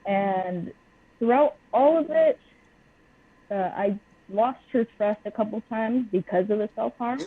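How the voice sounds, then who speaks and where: A woman's voice: on the high side, measured pace, slightly rough, no echo. A young woman speaking bluntly and openly as a guest on a personal interview podcast. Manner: blunt and open. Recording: tinny phone-line audio.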